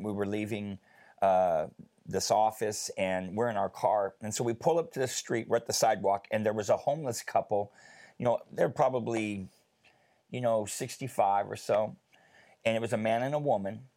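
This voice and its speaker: A man telling a personal story in a casual faith discussion, chatty and animated, with many fillers. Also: lowish voice, moderate pace.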